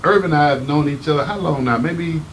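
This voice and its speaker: A man hosting a casual talk show, animated and emphatic, teasing his guest. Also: a little high, a little fast, slight background noise, poor audio. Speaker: host. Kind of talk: casual chat.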